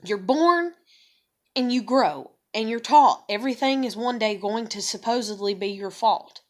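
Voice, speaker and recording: A young woman talks straight to her camera in a bitter, upset vlog rant. Her voice sits a little high, and she swears freely and sighs often between thoughts. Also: expressive, unhurried. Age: young adult. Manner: profane, ranting, frequent sighs. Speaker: vlogger. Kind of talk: emotional monologue to camera.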